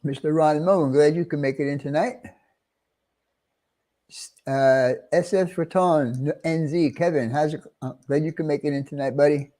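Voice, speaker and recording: A man's voice: fairly high pitch, fairly even intonation, normal speed, dark tone. A middle-aged man with a New York accent, hosting a casual livestream and greeting viewers one by one with friendly chuckles. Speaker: livestream host.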